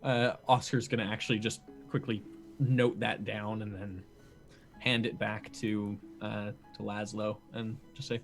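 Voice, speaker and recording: A man's voice: on the low side, little pitch movement, a little slow, gravelly, music in the background. A man playing a tabletop game, chatting casually and joking with the table. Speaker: player.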